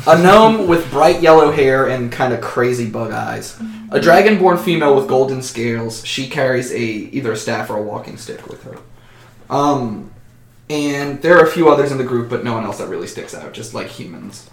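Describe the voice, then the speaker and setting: A man's voice: medium pitch, expressive, normal speed, reverberant. A man narrating a tabletop role-playing game as game master, casually and with frequent ums.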